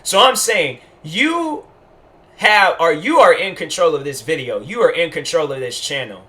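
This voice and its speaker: A man's voice: on the high side, expressive, moderate pace, sharp tone. A young man hosting a solo podcast, rambling with heat and lots of repeated fillers as he comments. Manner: rambling, heated, repeats "bruh" and "I'm like". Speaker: podcast host.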